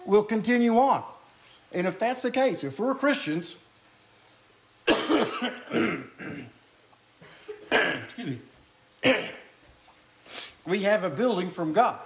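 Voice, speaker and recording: A man preaching a sermon in church who keeps clearing his throat, coughs, and asks the congregation questions. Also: high voice.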